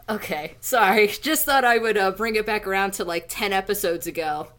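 A woman's voice: mid-range voice, unhurried, fairly bright tone. Guest: woman, chatty and sweary, loose podcast banter. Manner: chatty, swearing, lots of fillers.

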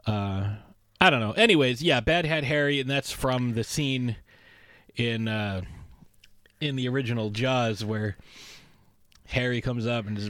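A man's voice: mid-range voice, unhurried, pauses often, fairly bright tone, dry recording, clean studio sound. A man hosting a podcast in casual, playful chat that keeps wandering off on tangents. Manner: playful, rambling, prone to tangents. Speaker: podcast host.

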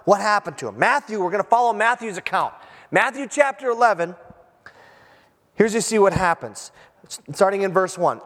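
A male pastor preaching a sermon in an animated, joking way, acting out little scenes for the congregation. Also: high voice, moderate pace, big-room sound. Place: church sanctuary.

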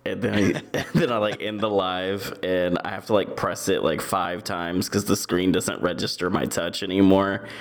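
A man's voice: low voice, sing-song, measured pace, gravelly, fairly bright tone. A man playing a tabletop game, chatty and laughing as he describes his actions. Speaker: player. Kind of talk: tabletop role-play chat.

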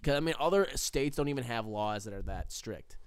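Smooth-voiced young man telling a story. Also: mid-range voice, lively intonation, a little fast, dry recording. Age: young adult. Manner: rambling, filler-heavy, acts out quotes. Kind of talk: casual storytelling chat.

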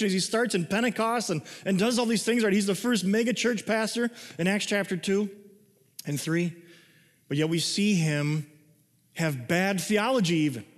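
A man preaching a sermon in a conversational way, reading scripture and explaining it, moving between excited and hushed delivery. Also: sits high. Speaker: pastor. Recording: long hall reverb.

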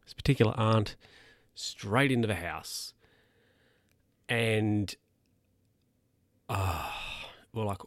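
A man's voice: on the low side, extremely slow, pauses often, no room sound, studio quality. A man telling stories casually to camera as a vlogger, rambling and chatty. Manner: rambling, chatty, with mock-quoted voices.

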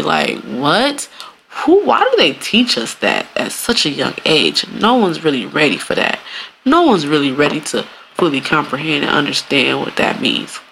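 A woman, venting on her solo podcast in a blunt, profane way. Her voice is bright and gravelly, and her pitch swings widely as she acts out other people. A faint hiss of noise sits behind her. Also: sing-song, moderate pace. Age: 30s. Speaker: podcast host. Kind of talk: casual solo podcast rant.

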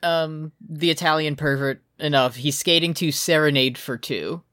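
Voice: mid-range voice, fairly even intonation, normal speed, a bit bright, dry recording, studio quality. A podcast co-host recapping an anime in a casual, sarcastic and profane way, laughing often.

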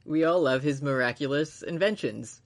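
A man's voice: fairly high pitch, normal speed. Rambling, swearing casual male podcaster. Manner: rambling, swears freely, laughs often, acts out characters' lines. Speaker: podcast co-host. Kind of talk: casual anime recap chat.

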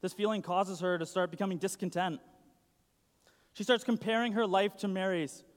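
Chatty high-voiced young man preaching. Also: steady tone, moderate pace. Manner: chatty, uses "like" a lot. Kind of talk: casual sermon. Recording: long hall reverb.

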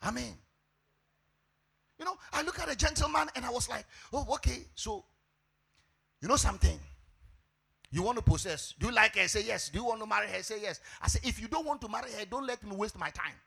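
A high-pitched Ghanaian pastor preaching with wide, swooping intonation and bursts of shouting. His voice is husky and bright, with a gravelly edge. He tells his sermon as an animated story. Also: brisk, long pauses.

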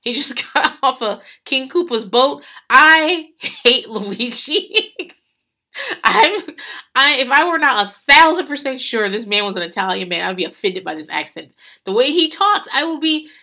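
A woman's voice: fairly high pitch, moderate pace, sharp tone. A woman hosting a podcast, recapping a reality show in rambling casual chat, swearing freely and laughing often.

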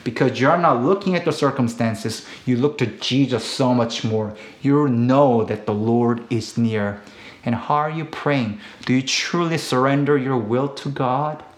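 A man in his thirties from Korea, speaking English with a Korean accent, preaches a sermon in an earnest, slow and deliberate way, with emphatic rises. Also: mid-range voice. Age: 30s. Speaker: pastor. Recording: echoey room.

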